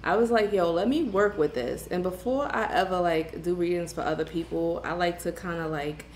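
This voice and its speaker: A woman from Brooklyn, hosting a tarot livestream in casual chat and greeting viewers with slangy shout-outs. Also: on the low side, moderate pace, slight background noise. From Brooklyn, New York. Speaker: tarot reader livestream host. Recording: echoey room with faint ambience.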